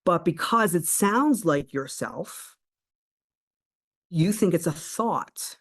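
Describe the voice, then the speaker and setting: A woman's voice: on the low side, expressive, slow. Earnest woman explaining, checks in often. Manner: earnest and explanatory, checks in with a frequent "right?", restarts mid-phrase. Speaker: self-help coach and channel host. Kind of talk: spiritual self-help teaching monologue.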